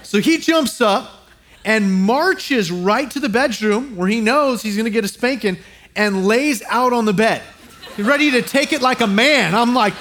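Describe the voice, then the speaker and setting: A man's voice: very high voice, normal speed. A man, a pastor, preaching a sermon, telling stories with humor, often repeating words as he restarts and talking right to the audience. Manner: storytelling with humor and audience asides; frequent restarts, animated and acting out voices.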